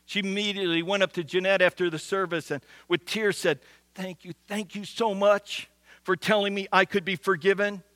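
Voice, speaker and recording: A man preaching a sermon as pastor, earnest, slowing down to stress key lines and often restarting words. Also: high voice, steady tone, a bit bright, no echo. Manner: earnest, with frequent restarts and slow emphatic repetition.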